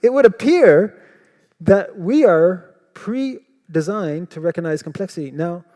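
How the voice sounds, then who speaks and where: High-pitched man in a reverberant clip. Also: animated, measured pace, mellow. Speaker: debate speaker. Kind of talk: measured debate argument.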